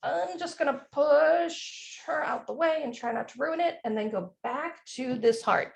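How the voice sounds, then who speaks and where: A woman leads a live cookie decorating class over a video call, talking in an upbeat, encouraging way and laughing often. Her voice sits high. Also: unhurried, creaky. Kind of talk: live online class teaching.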